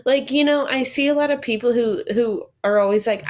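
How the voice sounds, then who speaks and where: A woman's voice: on the high side, brisk, a little mellow. A young woman co-hosting a casual podcast chat, talking loosely, laughing often and acting out the people she quotes. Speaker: podcast co-host.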